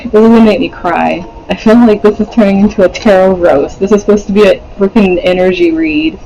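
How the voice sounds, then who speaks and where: High-voiced man giving a rambling tarot reading. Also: brisk, mellow, lo-fi sound, a little hiss or hum. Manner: rambling, laughs often, swears, many fillers. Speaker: tarot reader. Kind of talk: casual pick-a-card reading.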